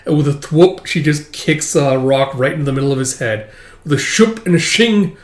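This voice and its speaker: A man chatting casually as he recaps a manga, rambling with plenty of likes and uhs and the odd curse. His voice sits a little high for a man. It sounds like it was recorded in a room with noticeable echo. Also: expressive, moderate pace. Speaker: manga reader and commentator. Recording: roomy echo.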